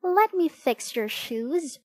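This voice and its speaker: A woman voicing a cheerful, helpful young girl, speaking slowly in a bright, eager way. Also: high voice, expressive, no room sound, pitched above the performer's own voice.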